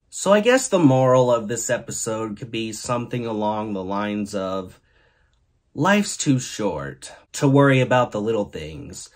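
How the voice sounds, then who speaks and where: A male host giving a laid-back comedic monologue and reading silly fill-in-the-blank stories aloud. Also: lowish voice. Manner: joking, laid-back storytelling; reads mad-lib stories aloud. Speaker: podcast host.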